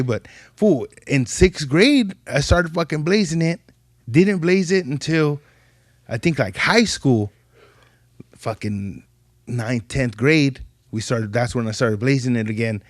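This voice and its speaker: A young man telling animated stories in casual podcast chat, full of profane slang. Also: measured pace, dry recording, clean studio sound. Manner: animated, profane street slang, jumps pitch when quoting people. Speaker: podcast guest.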